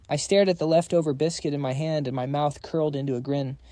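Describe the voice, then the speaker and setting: A man's voice: a little high, fairly even intonation, quick pace, few pauses, dark tone, no echo, studio quality. A man narrating a story recap in a dramatic, breathless storytelling manner.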